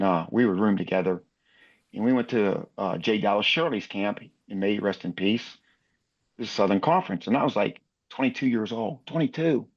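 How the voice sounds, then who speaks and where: Lo-fi storytelling older man. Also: on the low side. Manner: lively anecdotal storyteller, acts out other people's lines. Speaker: basketball referee guest. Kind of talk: storytelling in a podcast interview.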